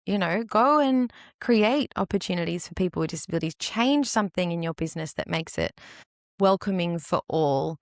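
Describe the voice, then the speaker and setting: Podcast host, woman in her thirties, lower-pitched, candid and heartfelt, dry close-miked sound. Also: moderate pace, no echo. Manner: earnest, candid, animated when quoting others. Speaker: podcast host and dance teacher. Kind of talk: solo podcast monologue.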